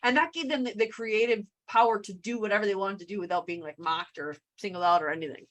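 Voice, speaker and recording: A woman co-hosting a podcast in casual chat, chatty and quick to laugh. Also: medium pitch, a crowd in the background. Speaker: podcast co-host. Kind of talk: casual chat about a TV comedy.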